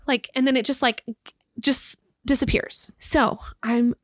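Animated woman telling dramatic stories. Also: a little high, normal speed. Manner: animated, dramatic retelling with gasps and quoted thoughts. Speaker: podcast co-host. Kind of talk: casual storytelling chat.

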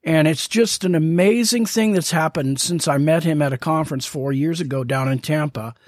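A man's voice: a little high, moderate pace, no room sound, clean studio sound. A man hosting a casual faith podcast, talking enthusiastically and rambling with fillers. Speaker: podcast host.

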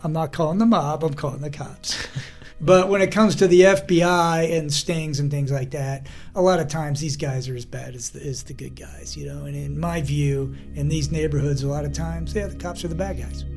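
A man hosting a podcast in casual chat, an animated storyteller who acts out the voices he quotes and laughs often. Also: fairly high pitch, moderate pace, creaky, soft background music. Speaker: podcast host.

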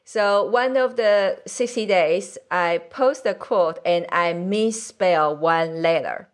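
A woman in her late forties with a mixed accent, hosting a podcast and chatting casually, halting with many fillers and frequent laughter. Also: on the low side. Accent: mixed accent from several places. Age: 40s. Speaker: podcast host. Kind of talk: casual conversational interview.

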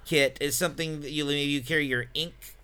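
A man joking and bantering with friends over a meal, playful and animated. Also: on the high side, a little fast, clean tone. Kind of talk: casual banter at a dinner table.

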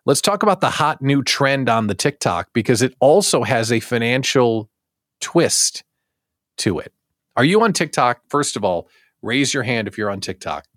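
A man hosting a daily live show for small business owners, talking in a jokey, animated way with self-deprecating asides. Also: medium pitch, moderate pace, no echo, studio quality. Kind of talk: casual live-show monologue.

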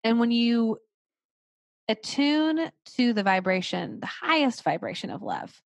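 A woman's voice: fairly high pitch, lively intonation, unhurried, vocal fry, no echo, highs cut off. Earnest encouraging woman, dry sound. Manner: earnest, encouraging, repeats phrases for emphasis. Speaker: podcast guest. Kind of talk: casual conversation.

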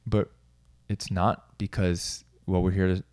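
A man's voice: low-pitched, level tone, unhurried, a little mellow, clean tone. A middle-aged man, a coach, talking casually on his own, rambling with restarts and small self-amused laughs. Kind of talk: casual solo talk.

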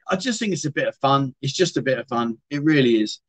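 A middle-aged man hosts a casual livestream, rambling and chatting while he answers viewers' comments. His mid-range voice is animated and quick, with hardly any pauses.

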